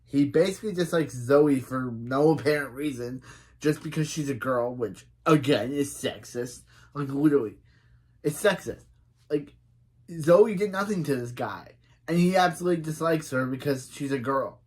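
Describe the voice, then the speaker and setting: A man's voice: medium pitch, normal speed, darkish tone, slightly rough. A man giving casual reaction commentary as a show reviewer, recapping scenes in a chatty way, reading lines aloud and getting indignant.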